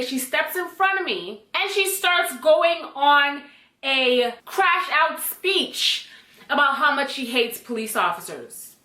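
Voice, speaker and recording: A woman telling a personal story to camera in a casual, blunt, animated way, swearing freely. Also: on the high side, roomy sound. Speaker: storytime vlogger.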